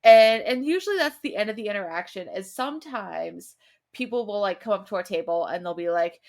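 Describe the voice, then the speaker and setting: A woman's voice: mid-range voice, lively intonation, fairly quick. A young adult woman, a mother, co-hosting a podcast and telling stories in casual chat with exasperated asides. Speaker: podcast co-host.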